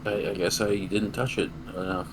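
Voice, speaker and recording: On a laid-back podcast, a young male co-host with a very low voice spins a long, meandering story at a moderate pace. He swears freely, and a steady background noise hums beneath him.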